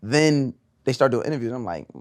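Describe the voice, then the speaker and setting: A man from New York co-hosting a podcast, animated and jokey in casual chat. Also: mid-range voice, fairly quick, no room sound, clean studio sound. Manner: animated, jokey, breaks into playful put-on voices. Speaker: podcast co-host.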